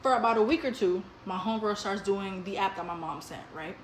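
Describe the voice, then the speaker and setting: A woman's voice: mid-range voice, brisk, a little hiss or hum. Blunt, foul-mouthed woman in an echoey room. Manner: blunt, profane, punchy. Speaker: storyteller. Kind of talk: casual storytime vlog.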